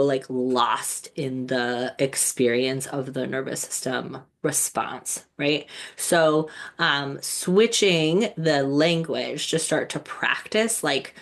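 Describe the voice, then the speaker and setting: A woman speaking gently and reflectively, with many fillers and restarts. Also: low-pitched. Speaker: wellness speaker. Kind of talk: casual reflective talk.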